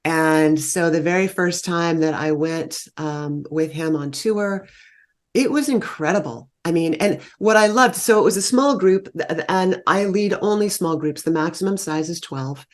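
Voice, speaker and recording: A woman leading meditation retreats, telling lively travel stories in a conversational interview. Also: on the low side, unhurried. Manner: animated, warm storytelling that lifts into quoted exclamations. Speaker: guest, meditation retreat leader. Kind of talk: conversational storytelling.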